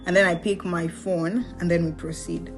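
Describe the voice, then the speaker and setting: A young Kenyan woman telling a personal story in a casual vlog. She is animated, slips into Swahili slang and laughs often. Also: fairly low pitch, moderate pace, soft background music. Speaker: vlogger.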